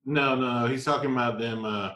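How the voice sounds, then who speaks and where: A man's voice: mid-range voice, steady tone, normal speed, a bit bright. A man co-hosting a podcast, steering the chat in an easygoing, joking way. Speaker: podcast co-host. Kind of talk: casual chat. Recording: echoey room.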